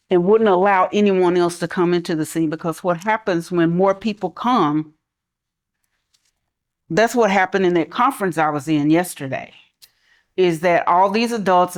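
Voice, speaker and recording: This woman, a school mental health professional, speaks in a low voice during a panel talk. Her manner is calm, relaxed and conversational, and she softens into a quiet, soothing tone when giving examples.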